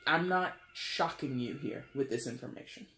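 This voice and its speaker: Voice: medium pitch, moderate pace, reverberant, a little hiss or hum. A tarot reader giving a casual, chatty reading, often acting out imagined dialogue and breaking into asides. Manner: chatty, acts out imagined dialogue in lively quoted voices; frequent laughs and asides.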